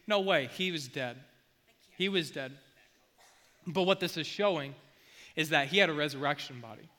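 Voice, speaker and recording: A man delivers a sermon in a loose, chatty manner, mixing scripture reading with slangy asides. His voice sits a little high and rings bright and forceful. The sound carries the long tail of a reverberant hall. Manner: casual, slangy, energetic preaching with asides. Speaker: preacher.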